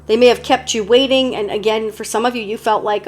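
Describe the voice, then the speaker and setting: Chatty higher-voiced woman reading tarot. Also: steady tone, fairly quick, few pauses. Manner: chatty, meandering, many fillers and restarts. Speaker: tarot reader. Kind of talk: casual tarot reading to camera.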